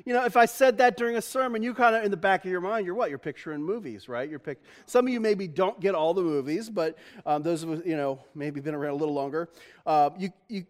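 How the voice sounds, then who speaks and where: A man's voice: high-pitched, fast. A middle-aged man preaching a conversational sermon in a church, chatty and joking, often breaking into laughter. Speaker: pastor.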